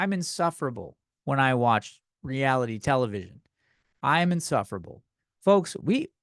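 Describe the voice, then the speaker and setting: A young man delivers a comedic podcast rant, swearing freely and working himself up as he goes. His voice sits a little high. The sound is dry and close to the mic, with no room around it. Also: no room sound. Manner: ranting, profane, worked-up and loud at times. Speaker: podcast host.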